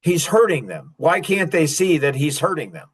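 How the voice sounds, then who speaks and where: A man's voice: a little high, sing-song, normal speed, slightly rough. A middle-aged man hosting a podcast, talking in an impassioned, repetitive monologue and breaking into short laughs. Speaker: podcast host.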